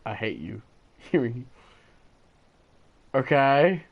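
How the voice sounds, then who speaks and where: A man's voice: medium pitch, sing-song, slow, creaky, highs cut off. A man giving casual, rambling gameplay commentary, tired and yawning, with enthusiastic, playful asides. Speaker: gaming video host.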